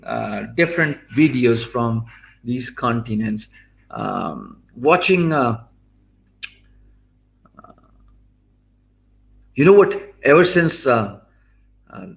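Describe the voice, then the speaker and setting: In an echoey room, a Pakistani man with a Pakistani English accent gives an earnest motivational talk on freelancing, full of fillers and restarts. His voice is medium-pitched, a bit bright, with vocal fry.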